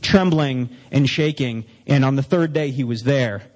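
A man's voice: medium pitch, a little slow, darkish tone. Man telling his story in an echoing hall. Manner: confessional, acting out both sides of conversations. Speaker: speaker sharing a recovery story. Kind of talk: personal testimony storytelling.

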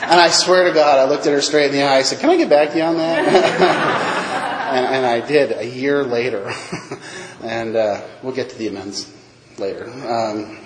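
A man's voice: mid-range voice, moderate pace, background noise. A man telling his recovery story at a meeting, self-mocking, acting out the other voices in his tale. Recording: echoey hall.

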